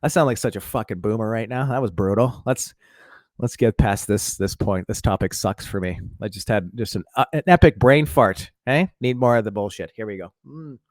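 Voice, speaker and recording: A man's voice: lowish voice, normal speed, a little mellow, dry recording, clean studio sound. Rambling man venting on a vlog. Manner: rambling, heavy fillers and restarts, swears, self-mocking. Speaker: vlogger. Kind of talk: casual rambling monologue to viewers.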